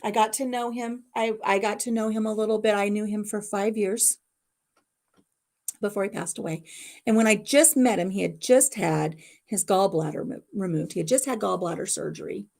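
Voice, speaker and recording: A woman's voice: medium pitch, moderate pace, gravelly, darkish tone. A middle-aged woman at home telling a personal family story to her livestream viewers in a rambling, emotional way. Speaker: livestream host. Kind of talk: casual storytelling chat.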